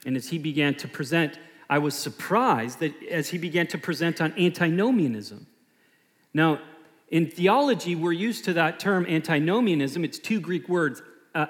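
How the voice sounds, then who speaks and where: A man in his thirties preaching a sermon as a pastor, emphatic and animated, often repeating himself. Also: fairly high pitch. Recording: long hall reverb.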